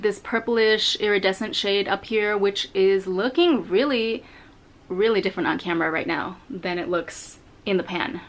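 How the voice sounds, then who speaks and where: A woman of middle pitch talking her way through a makeup review from her home. She chats casually, wanders into asides and leans on fillers. Her voice springs up on emphasis. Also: a bit bright. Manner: chatty, rambling asides with lots of fillers. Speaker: beauty vlogger. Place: home in Japan.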